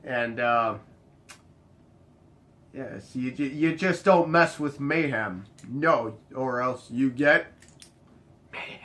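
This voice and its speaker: A man's voice: extremely slow, pauses often. A young man casually telling a bartending story, acting out each exchange with sudden jumps up in his voice. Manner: animated, acts out the dialogue, jumps high in pitch when quoting others.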